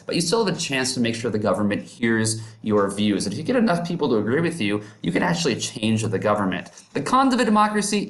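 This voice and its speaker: A man giving a casual, upbeat classroom lecture who keeps checking in with his listeners. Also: mid-range voice. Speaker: teacher.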